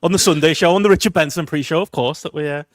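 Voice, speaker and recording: A man's voice: a little high, fast talker, dry recording. A British man in his thirties hosting a podcast, talking in a chatty, self-mocking way and swearing freely. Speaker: podcast host. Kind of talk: casual chat.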